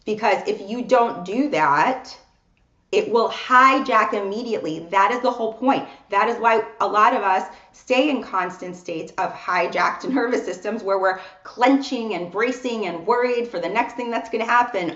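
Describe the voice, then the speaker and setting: A woman's voice: fairly high pitch, moderate pace, fairly bright tone, roomy sound, muffled recording. A woman co-hosting a casual podcast as a coach, talking earnestly and repeating words for emphasis. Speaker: co-host and coach.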